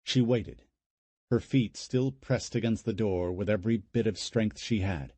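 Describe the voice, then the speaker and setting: A man narrating an audiobook in an expressive, dramatic reading style. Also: low-pitched, normal speed, slightly rough, no room sound.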